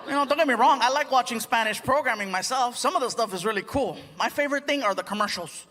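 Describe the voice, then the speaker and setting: A man performing an animated stand-up comedy set, slipping into voices, before a live audience. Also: very high voice, fast. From United States. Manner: animated, acts out voices and crowd-work asides. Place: large theater stage before a live audience. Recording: reverberant hall with loud crowd. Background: audience laughter and crowd noise.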